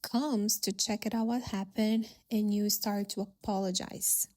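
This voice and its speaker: Soft-spoken reflective woman podcaster. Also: mid-range voice, steady tone, measured pace. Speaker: podcast host. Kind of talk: reflective solo podcast storytelling.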